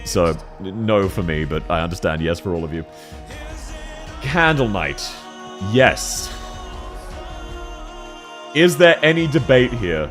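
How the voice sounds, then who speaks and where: A young man casually chatting on a livestream, frank and quick to laugh, answering his viewers while he has the hiccups. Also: sits low, animated, a bit bright, soft background music. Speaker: streamer.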